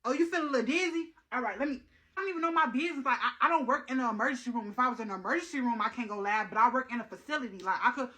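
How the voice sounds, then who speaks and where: A woman's voice: a little high, racing, bright, forceful tone. A woman playing a careless young nurse in a comedy skit, with a brash, slangy, flippant manner. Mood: breezy.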